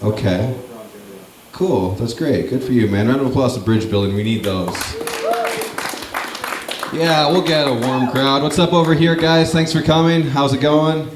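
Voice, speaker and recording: This young stand-up from Northern Ontario, Canada, speaks at a measured pace in a mid-range voice, with long pauses and background noise. Before a live crowd in an echoey club, he banters with the audience casually, swearing and making fun of himself.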